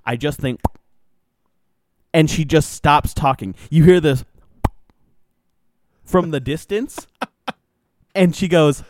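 A man casually retelling a reality show episode, swearing freely, speeding up and slowing down with many fillers. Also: a little high, no echo, clean studio sound. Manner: animated, profane storytelling with lots of fillers.

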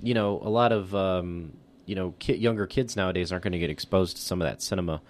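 A man's voice: low-pitched, fast. A man co-hosting a podcast in casual chat, easygoing, full of "like" and "you know". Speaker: podcast co-host.

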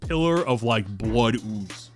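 A man's voice: mid-range voice, lively intonation. Man narrating a tabletop game over music. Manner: descriptive, slow for effect, casual with fillers. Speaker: game master.

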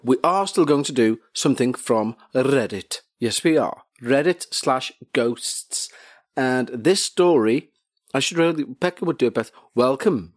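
Male podcast host, mid-pitched, reads a story and drifts into jokey asides, close and dry. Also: dry recording. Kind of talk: casual chat and story reading. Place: home couch.

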